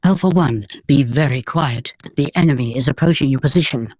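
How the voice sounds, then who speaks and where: A woman's own performance converted by software into the voice of a Scottish woman in her sixties who gives an urgent military warning. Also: rumbling low, brisk, dry recording, voice pushed down. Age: 60s.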